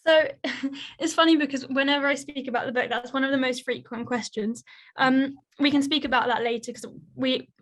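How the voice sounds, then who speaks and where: A woman's voice: high voice, fairly even intonation, a little fast, fairly bright tone. A young woman, a conservationist and author answering interview questions in an articulate, earnest way. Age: young adult.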